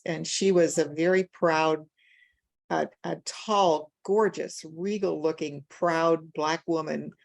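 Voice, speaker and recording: Gravelly older woman telling a story. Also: low voice. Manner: conversational, retells dialogue, chuckles while talking. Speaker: guest speaker. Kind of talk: storytelling anecdote.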